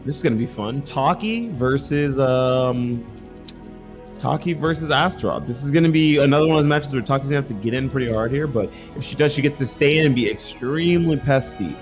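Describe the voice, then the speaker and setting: A man doing casual, jokey esports commentary on a fighting game tournament, excitable and full of swearing. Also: medium pitch, brisk, over music.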